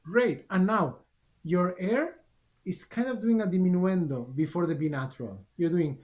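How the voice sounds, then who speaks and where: A man's voice: high-pitched, expressive, moderate pace, a little mellow, muffled recording. A male clarinet teacher giving a masterclass over a video call, with short encouraging instructions between demonstrations. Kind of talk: masterclass coaching.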